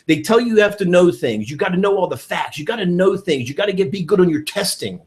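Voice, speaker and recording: A man giving an energetic training talk on network marketing, enthusiastic and repeating his key points. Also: sits high, fast, slight background noise.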